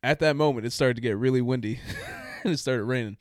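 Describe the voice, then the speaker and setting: A man's voice: medium pitch, brisk, no room sound. Rambling man telling a story, dry sound. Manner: rambling, self-mocking, laughs through his own story. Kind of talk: casual storytelling.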